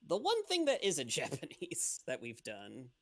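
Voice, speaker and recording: A man's voice: fairly high pitch, wildly swooping pitch, a little slow, crowd noise. A man playing in an online tabletop game, chatty and laughing as he talks. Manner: chatty, laughs while talking. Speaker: player. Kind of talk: casual tabletop play over voice chat.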